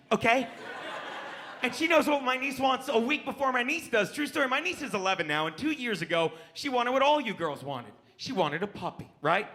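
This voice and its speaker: A man doing a brash, punchy stand-up set on a comedy club stage, baiting the crowd with quick asides into a handheld mic. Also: extremely high pitch, vocal fry, sharp tone.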